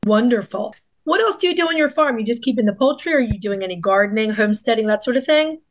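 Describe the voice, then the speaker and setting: Woman cohost with a high voice, teasing, asks lots of questions. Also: animated, fast. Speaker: podcast co-host. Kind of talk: casual podcast chat.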